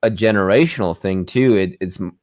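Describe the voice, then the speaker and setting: A man's voice: low voice, fairly quick, darkish tone, no echo, clean studio sound. A man hosting a casual interview, speaking hesitantly and searching for words. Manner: hesitant, many fillers and restarts. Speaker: podcast host.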